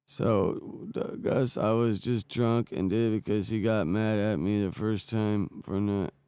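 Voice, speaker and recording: A man's voice: fairly low pitch, fairly even intonation, measured pace, mellow, smooth, no echo. A man casually reacting to a video he is watching, tossing in slang and "bro" often. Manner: casual slang-heavy, says "bro" a lot. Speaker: stream host reacting to a video.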